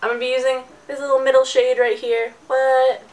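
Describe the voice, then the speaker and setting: A woman's voice: sits high, little pitch movement, fast talker, low-quality recording. Chatty, jokey woman doing a makeup tutorial. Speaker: beauty vlogger.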